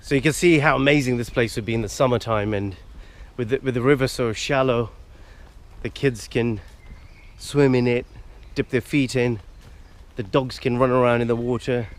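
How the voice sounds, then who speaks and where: A man with a mid-range voice and fairly even intonation speaks at normal speed in an outdoor riverside vlog. As a hiking vlogger addressing the camera, he makes earnest, ranting appeals for viewers not to litter.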